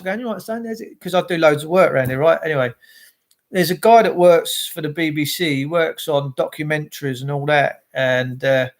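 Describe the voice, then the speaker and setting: Man, livestream host, animated and ranting, a touch high-pitched. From England. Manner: animated, greets viewers by name, ranting. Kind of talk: casual livestream chat.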